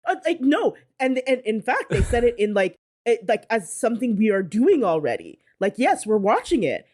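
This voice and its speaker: A woman's voice: a little high, very animated, normal speed, a little mellow. A woman co-hosting a podcast in casual chat, emphatic and playfully dramatic. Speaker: podcast co-host.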